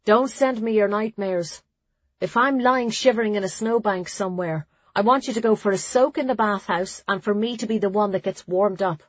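A woman's voice: mid-range voice, normal speed, husky, no echo, lo-fi sound, lightly acted. A woman voicing a blunt, matter-of-fact young novice girl. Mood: dry.

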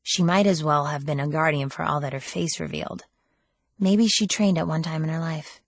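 Husky low-voiced woman narrating. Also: normal speed, no echo, studio quality. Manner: wry, lively first-person storytelling. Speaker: audiobook narrator. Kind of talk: first-person audiobook narration.

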